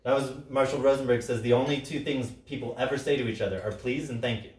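A fast-talking man of Sicilian background runs a workshop at medium pitch, barely pausing. He's casual and animated, acting out quoted lines loudly and saying "right?" often, heard from a distance in a roomy space.

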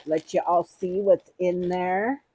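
A woman's voice: on the low side, steady tone, slow pace, background noise. A middle-aged woman chatting casually to camera in an unboxing vlog, rambling and gushing. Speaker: vlogger.

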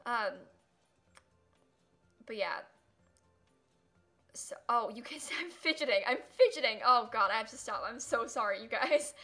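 A young woman streaming a life-sim game, chatting casually with viewers, giggling often and quick to dramatic outbursts. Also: a little high, lively intonation, fairly bright tone, soft background music. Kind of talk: live gameplay commentary.

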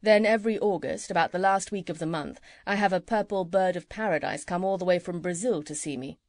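A woman voicing a gentle, kindly male country doctor who chats fondly, in a lowered voice. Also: fairly quick, no echo, studio quality, close to an everyday voice. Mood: fond, chatty.

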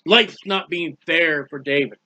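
A man with a high, bright, ringing voice teaching from the Bible in a loose, conversational way. He talks with emphasis and acts out the prayers and speeches he quotes. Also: a little slow.

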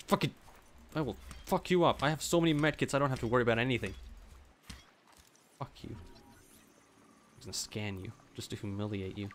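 A streamer reacting live to a game, swearing constantly, whose voice jumps to squeaky highs when startled. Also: slight background noise.

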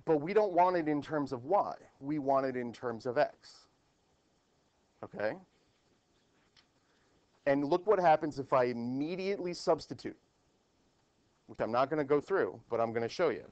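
A man's voice: mid-range voice, lively intonation, moderate pace, pauses often, darkish tone, no echo. Male math teacher, classroom lecture, asks students questions, dull lo-fi audio.

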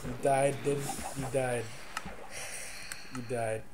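A man's voice: mid-range voice, fairly even intonation, slow. A man co-hosting a gameplay commentary, making dry, teasing remarks. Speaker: let's play co-host. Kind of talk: gaming commentary. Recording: loud background hiss.

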